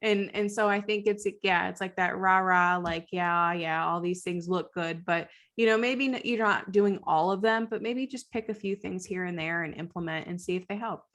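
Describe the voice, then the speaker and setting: A woman's voice: fairly low pitch, moderate pace, few pauses, fairly bright tone. A chatty woman co-hosting a casual podcast, with a voice sitting a little below the usual. She draws on her counseling work and fills her sentences with "like", breaking into easy laughs. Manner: chatty, peppered with "like", laughs often. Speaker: podcast co-host, school counselor.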